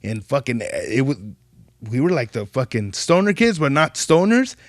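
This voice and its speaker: A young man telling animated stories in casual podcast chat, full of profane slang. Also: moderate pace, dry recording, clean studio sound. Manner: animated, profane street slang, jumps pitch when quoting people. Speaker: podcast guest.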